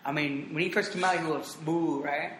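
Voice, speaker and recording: A man's voice: a little high, steady tone, moderate pace, fairly bright tone, a little hiss or hum. A man co-hosting a casual podcast, asking hesitant questions and giving short agreeing replies. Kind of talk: casual conversational podcast talk. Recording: echoey room.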